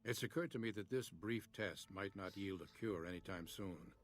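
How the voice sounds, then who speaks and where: An actor playing a calm, methodical male scientist in a video game, speaking in a measured, clinical way. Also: sits low, a little hiss or hum, natural voice.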